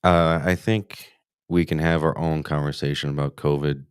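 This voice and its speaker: A man's voice: rumbling low, fairly even intonation, normal speed, smooth, dry recording, clean studio sound. A man hosting a casual live hunting podcast, rambling and cursing freely with many restarts. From United States. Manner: rambling, profane, frequent restarts. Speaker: podcast host.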